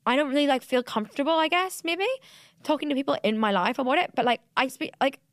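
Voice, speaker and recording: A woman's voice: sits high, fast talker, no room sound, clean studio sound. A young woman, hosting a solo podcast, talking candidly and rambling with many fillers and restarts. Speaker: podcast host. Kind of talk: solo confessional podcast monologue.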